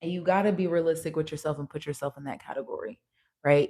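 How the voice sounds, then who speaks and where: A woman's voice: deep voice, fairly even intonation, fast, mellow. A young woman giving a casual tarot reading, talking frankly with slang, swearing and frequent laughs. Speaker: tarot reader.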